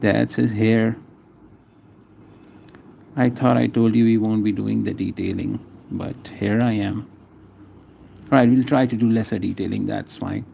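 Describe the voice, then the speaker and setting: Man, mellow dark voice, faint background noise, live drawing commentary, casual, names each stroke. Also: on the low side, steady tone, measured pace, vocal fry, pauses often. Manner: chats with viewers between strokes. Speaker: artist streaming a drawing session.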